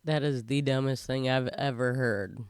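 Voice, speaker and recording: A woman hosting a casual reaction video, chatty and excitable. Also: a bass voice, moderate pace. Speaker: YouTube reaction host.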